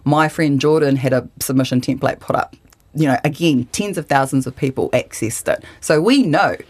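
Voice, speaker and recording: A woman's voice: very deep voice, moderate pace, a little mellow, breathy edge. A woman, answering interview questions with passion and indignation. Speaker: activist guest.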